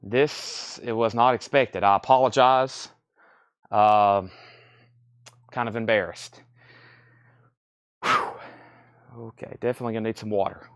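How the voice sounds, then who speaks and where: A man's voice: fairly low pitch, steady tone, a little slow, pauses often, clean tone. A man hosting a live online vinyl record sale, calling out lots and prices in casual auction patter and repeating the details. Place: record shop.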